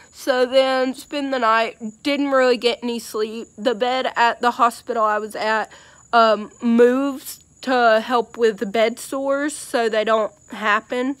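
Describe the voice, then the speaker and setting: A woman's voice: on the high side, fairly even intonation, slow, fairly bright tone, dry recording. A young woman telling a personal story in a casual, rambling way with many fillers and hesitations.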